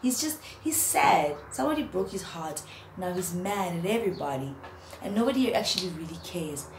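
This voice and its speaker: Lively woman roasting someone. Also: lowish voice, normal speed. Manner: mocking, animated, laughs at her own jokes. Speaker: vlogger. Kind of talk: roasting rant to camera. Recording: roomy echo, faint background hum.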